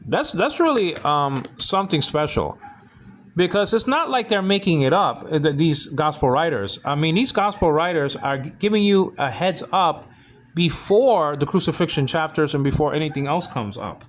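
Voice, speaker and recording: A man giving a casual Bible Greek lesson, halting and full of restarts, often checking that listeners follow. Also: a little high, lively intonation. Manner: keeps asking "you understand what I'm saying?".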